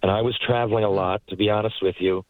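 A man, a guest telling rambling, animated anecdotes from his parked car. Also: lowish voice, fast talker, no echo, poor audio. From Newfoundland, Canada. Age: 40s. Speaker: guest, former hockey player and actor. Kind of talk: casual storytelling interview.

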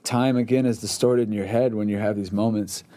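A man's voice: fairly low pitch, steady tone, brisk, mellow, dry recording. A man in his forties from Pasadena, California, a podcast guest talking earnestly in casual interview talk, restarting words as he goes. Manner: earnest, repeats words when starting.

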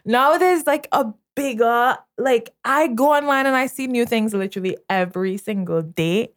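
A woman's voice: a little high, normal speed. A woman hosting a podcast in a casual chat, bubbly and full of fillers. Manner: bubbly, filler-heavy, laughs often. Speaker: podcast host.

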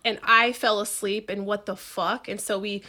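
A woman telling a story in casual chat, animated and profane, acting out other people's voices. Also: medium pitch, normal speed.

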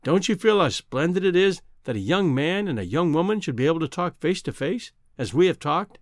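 A man reading a novel aloud, voicing a proud, cool-headed young woman who gently turns down a suitor. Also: on the high side, sing-song, a little fast, dry recording, studio quality. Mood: reproving. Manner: gently reproving, composed.

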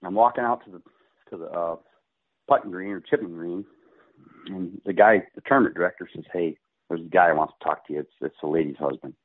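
A man's voice: low-pitched, a little fast. A middle-aged man, a pro golfer, telling a story casually and acting out the quotes with laughs. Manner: animated, acts out quotes, laughs often. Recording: phone-like radio line.

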